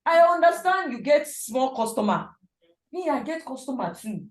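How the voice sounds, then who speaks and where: A woman teaching a sublimation printing class, animated and emphatic, sometimes dropping to a hush. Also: normal speed. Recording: echoey classroom, low-quality mic.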